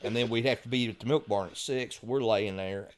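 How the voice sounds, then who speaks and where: A middle-aged man, telling lively stories as a podcast guest and chuckling at the punchlines. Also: on the low side, a little fast, a little hiss or hum. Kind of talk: casual storytelling.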